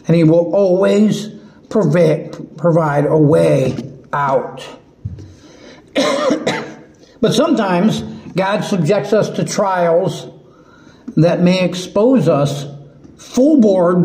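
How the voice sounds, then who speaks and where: A man preaching a sermon in an earnest, halting way, often restarting his words. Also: sits high, darkish tone. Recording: echoey room.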